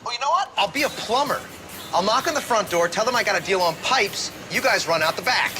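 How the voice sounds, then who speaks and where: Brief: man as goofy heist schemer, lively silly voice, heard over stadium speakers. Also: high voice, brisk, music in the background. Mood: eager.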